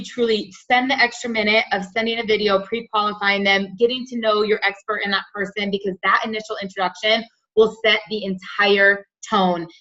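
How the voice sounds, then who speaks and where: High-voiced woman hosting a team call, chatty and animated, sound kinda muffled. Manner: animated, acts out quotes, says like and you know a lot. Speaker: team leader and call host. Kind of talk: coaching on a group call.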